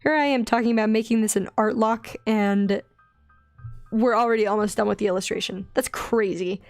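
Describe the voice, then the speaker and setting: A young woman with a light Southern accent, chatting in a bubbly, rambling way while she draws on a stream, often giggling and getting excited. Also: medium pitch, moderate pace, no echo, faint music behind. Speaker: digital artist streaming her drawing. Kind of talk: casual chatty art stream.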